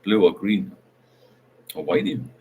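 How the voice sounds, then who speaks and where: A man's voice: fairly low pitch, sing-song, unhurried, darkish tone, slight background noise. An older man hosting a casual live chat, talking frankly and rambling, often ending with tag questions. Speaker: livestream host. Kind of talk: casual live chat, reading viewer comments.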